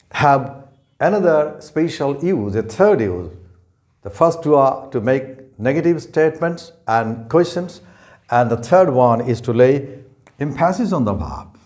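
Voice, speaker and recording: A man teaching grammar in a measured, careful way. His pitch rises and falls in a lively way as he stresses words and repeats each example sentence slowly. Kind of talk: slow explanatory lesson.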